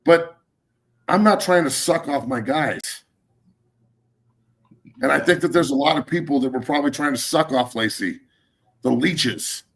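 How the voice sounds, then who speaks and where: Gravelly, profane, fired-up male sports host. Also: a little high, unhurried, long pauses, fairly bright tone. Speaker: podcast host. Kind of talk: heated sports talk.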